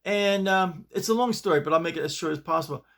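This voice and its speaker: A man's voice: on the high side, quick pace, fairly bright tone. A man hosting his own video show, telling a story in a casual, rambling way with many restarts, recorded in his bedroom. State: shaken up. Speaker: host.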